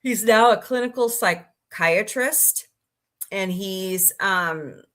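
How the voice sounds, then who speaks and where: A woman's voice: mid-range voice, slow, fairly bright tone. A woman hosting a casual livestream, chatting in a rambling way, sniffly, and greeting viewers by name. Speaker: livestream host.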